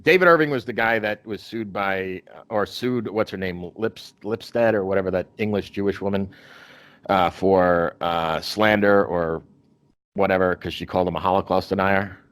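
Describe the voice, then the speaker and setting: A man's voice: deep voice, moderate pace, fairly bright tone, no echo. A man hosting a podcast in casual chat, rambling with many restarts and fillers. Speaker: podcast host.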